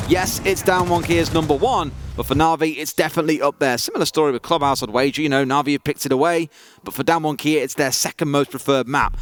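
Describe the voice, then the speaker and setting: A man's voice: on the high side, no room sound. A man casting an esports match, calling the play and teasing his co-caster. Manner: playful, teasing, excitable. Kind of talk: play-by-play commentary and banter. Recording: noisy broadcast mix.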